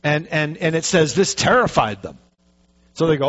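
A man's voice: fairly high pitch, expressive, normal speed, fairly bright tone. A man, a pastor, teaching a Bible passage in a folksy, chatty way with jokey asides. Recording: dull lo-fi recording.

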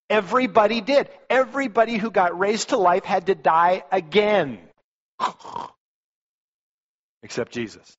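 A man preaching a sermon in a loose, conversational way. His voice sits a bit high, and he often stumbles and restarts as he tells stories. The recording sounds muffled and lo-fi. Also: moderate pace, long pauses. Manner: conversational, animated storytelling, frequent restarts. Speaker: pastor. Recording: dull lo-fi recording.

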